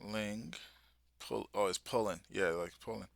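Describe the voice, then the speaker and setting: A young man hosting a live manga reaction, reading aloud and reacting in excited, slangy casual talk. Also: lowish voice, unhurried, vocal fry, no room sound, clean studio sound. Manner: excited, slangy, talks along while reading.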